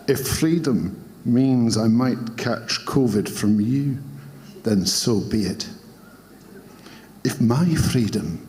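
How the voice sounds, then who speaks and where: A man's voice: medium pitch, darkish tone, big-room sound, a little hiss or hum. A man reading out an opinion piece in a wobbly attempted Scottish accent, hammy and pompous. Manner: hammy, breaking into laughter. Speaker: presenter reading a nominee's words.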